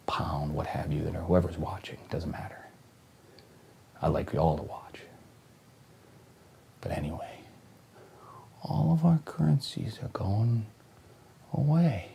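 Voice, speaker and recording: A man hosting a comedy show, delivering a profane, conspiratorial monologue that swings from hushed near-whispers to loud manic shouting. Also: low voice, creaky, a little hiss or hum.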